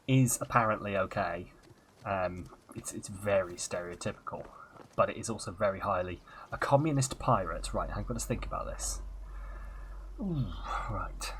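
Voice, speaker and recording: Bright-toned man streaming a game. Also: medium pitch, animated, moderate pace, slight background noise. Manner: chatty, self-mocking, mutters asides. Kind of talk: casual live-stream chat. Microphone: headset.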